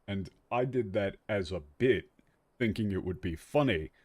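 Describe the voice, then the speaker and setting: A man's voice: lowish voice, moderate pace, no echo. Tired, joking young male streamer. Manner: animated, joking, swearing. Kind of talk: let's-play commentary. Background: faint game music.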